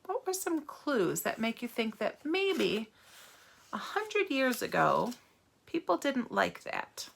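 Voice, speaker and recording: A woman reading a novel aloud to children and stopping to ask them gentle, teacherly questions. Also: a little high, sing-song, slow pace, creaky. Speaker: read-aloud narrator for children.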